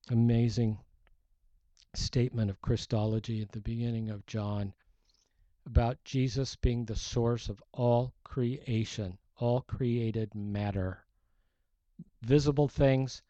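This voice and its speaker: A man's voice: fairly low pitch, mellow, dry recording. A man preaching a sermon in a conversational, storytelling way, walking through a Bible passage. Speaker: pastor. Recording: dull lo-fi sound.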